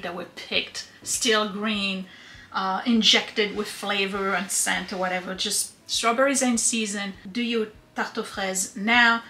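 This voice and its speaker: A woman walks through her home baking in a relaxed, chatty way. Her voice is bright and clear. The kitchen is echoey, with a faint hiss underneath. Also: mid-range voice. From France. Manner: chatty, explains as she goes. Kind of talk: casual cooking demonstration.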